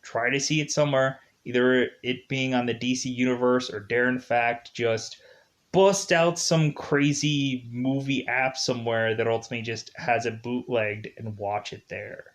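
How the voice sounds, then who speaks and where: Rambling, animated male movie reviewer. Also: mid-range voice, moderate pace. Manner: rambling, filler-heavy, animated. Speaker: film reviewer. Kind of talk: casual spoken movie review.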